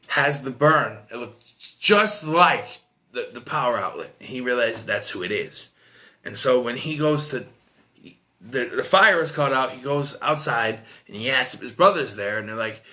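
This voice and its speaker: A movie reviewer gives a casual, rambling film review, retelling scenes and quoting characters, with frequent restarts and fillers. He has a mid-range voice with a sharp tone.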